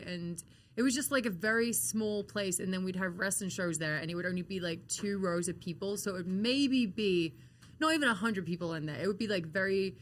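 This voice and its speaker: Chatty woman telling a wrestling story. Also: mid-range voice. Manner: animated and chatty, swears freely, lots of "like". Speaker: interview guest, pro wrestler. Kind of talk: casual storytelling interview.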